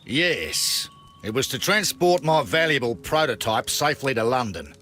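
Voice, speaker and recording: Rich Australian businessman, game character, brusque, complaining, bright tense tone. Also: medium pitch, sing-song, normal speed, a little hiss or hum. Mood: explaining. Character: rich irritable male businessman and engineer. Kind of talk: video game voice acting.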